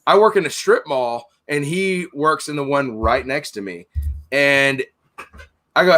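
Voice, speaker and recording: Casting: middle-aged man, forceful bright voice, profane and blunt, storytelling on a casual podcast. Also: fairly high pitch, expressive, moderate pace. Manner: blunt, heated, swears constantly, acts out both sides of arguments. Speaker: podcast host, store owner.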